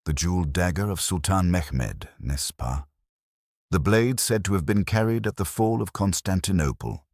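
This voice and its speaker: A man doing Poirot, a fastidious detective. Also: low voice, expressive, dry recording, studio quality. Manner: precise, courteous, with French phrases. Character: fastidious older male Belgian detective, shrewd.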